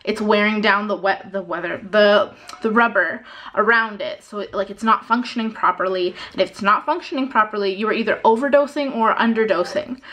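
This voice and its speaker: A woman's voice: medium pitch, fairly quick, a bit bright. A young woman in her twenties, ranting to camera in an unscripted vlog about a frustrating phone call. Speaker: vlogger.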